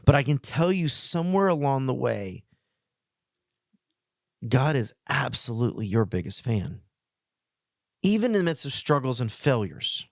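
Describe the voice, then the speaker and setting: A middle-aged male pastor giving a heartfelt, plainspoken message to men, earnest, with emotional pauses. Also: medium pitch, sing-song, vocal fry, no room sound, clean studio sound.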